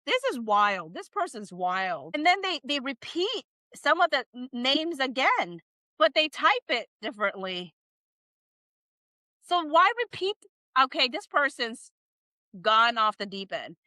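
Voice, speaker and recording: Lively high-voiced woman, laughing in disbelief. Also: measured pace, dry recording, rough recording. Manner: laughs often, incredulous, exclaiming. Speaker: commentary streamer. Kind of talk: casual live-stream commentary, reading chat.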